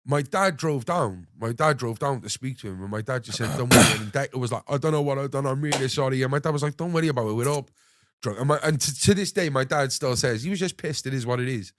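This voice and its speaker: A young man hosting a podcast, telling an animated story full of swearing and acting out what others said. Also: mid-range voice, fast, background noise. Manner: animated anecdote-telling, swears freely, acts out others' lines. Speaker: podcast host. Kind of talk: casual storytelling chat.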